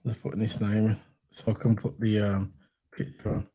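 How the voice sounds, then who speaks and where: A man hosting a casual football fan chat, animated and repeating his points for emphasis. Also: fairly low pitch, moderate pace. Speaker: football podcast host.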